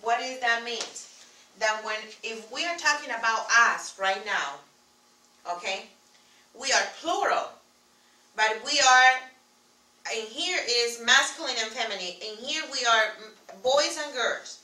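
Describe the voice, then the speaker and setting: A woman teaching a class in halting English, often repeating her words. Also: fairly high pitch, expressive, pushed and bright. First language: Spanish. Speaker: Spanish teacher. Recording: echoey classroom from far off.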